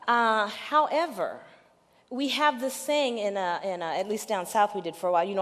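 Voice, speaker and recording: A woman's voice: medium pitch, normal speed. Middle-aged woman preaching in a reverberant hall. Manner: call-and-response preaching, swinging from hushed storytelling to loud emphatic peaks. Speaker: pastor. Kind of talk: sermon.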